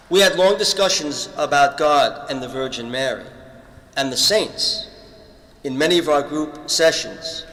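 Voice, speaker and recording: A man's voice: medium pitch, fairly bright tone. A man giving an earnest spoken testimony, telling stories from his own life and acting out the other people's lines. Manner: earnest, retells conversations with acted-out quotes. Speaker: panel speaker giving a testimony. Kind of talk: storytelling testimony talk. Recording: echoey hall with long reverb.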